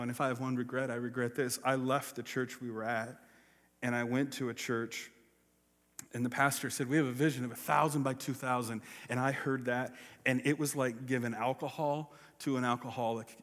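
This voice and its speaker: A pastor telling a personal story in a sermon, acting out the voices of the people in it. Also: male voice, medium pitch, fairly bright tone. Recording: long reverb of a large hall.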